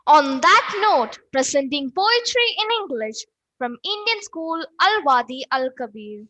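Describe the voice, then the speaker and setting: A woman hosting a school poetry event, introducing the next act in a formal, deliberate way. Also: high-pitched, sing-song, sharp tone, no room sound, low-quality recording. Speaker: host. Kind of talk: formal announcing.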